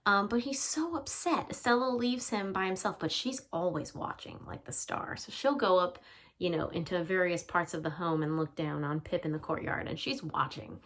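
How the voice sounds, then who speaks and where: A woman's voice: fairly low pitch, normal speed, fairly bright tone. A woman English teacher giving a chatty literature lesson, explaining with casual fillers.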